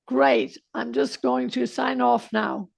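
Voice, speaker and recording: A woman's voice: fairly high pitch, slow, creaky. A woman with an Irish accent hosting a podcast interview, teasing and effusive in casual chat. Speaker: podcast host.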